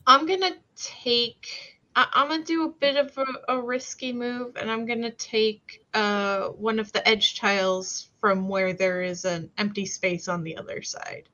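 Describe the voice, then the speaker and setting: A woman's voice: a little high, fairly even intonation, measured pace, hardly any pauses, pushed and bright. A woman playing a tabletop horror game, talking casually and decisively about her moves. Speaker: player. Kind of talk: casual role-play chat. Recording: dull lo-fi mic.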